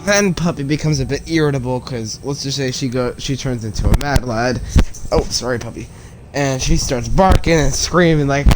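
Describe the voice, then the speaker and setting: A man streaming a video game, chatty and animated, chatting to his viewers and his dog. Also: mid-range voice, normal speed. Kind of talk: casual let's-play commentary. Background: game music.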